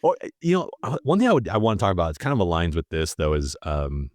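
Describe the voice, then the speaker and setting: A man's voice: sits low, wildly swooping pitch, quick pace, no echo, studio quality. A man hosting a casual podcast chat, thoughtfully asking his guests open questions. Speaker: podcast host.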